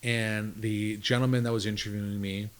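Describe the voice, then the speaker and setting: A man's voice: lowish voice, flat delivery, moderate pace. A man, a business owner guest, telling stories in a casual interview, jumping between thoughts and acting out what others told him. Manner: rambling, jumps between thoughts. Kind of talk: conversational interview storytelling.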